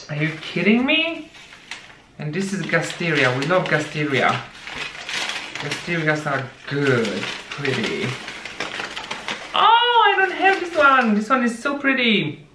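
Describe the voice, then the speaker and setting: A woman's voice: sits low, a bit bright. A woman unboxing plant gifts in a casual vlog, gushing and exclaiming as she talks. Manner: gushing, exclamatory, slow and drawn-out. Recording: echoey room with noticeable background noise.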